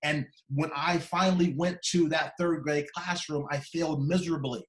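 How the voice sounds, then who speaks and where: A man in his fifties tells his story to a conference hall, his voice sitting a little high for a man. He is dramatic and acts out the people he remembers. The sound rings with the echo of a large room. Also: fairly even intonation, normal speed. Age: 50s. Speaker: keynote speaker. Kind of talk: personal storytelling speech.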